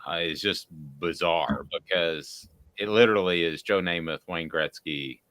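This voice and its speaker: A man's voice: deep voice, a little slow, clean tone, no room sound. A man co-hosting a sports radio show, telling long rambling stories with lots of fillers. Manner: rambling, animated storyteller with filler words. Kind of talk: casual radio chat, storytelling.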